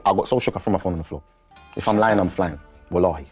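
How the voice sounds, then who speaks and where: A rapper, telling a story in an interview in an animated way and acting out the voices of the people in it. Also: male voice, deep voice, quick pace, husky, faint music behind.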